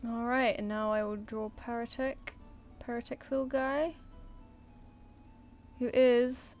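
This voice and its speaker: A woman's voice: on the high side, slow pace, pauses often, darkish tone, faint music behind. A woman artist chatting casually on a live stream while she draws, muttering and counting under her breath.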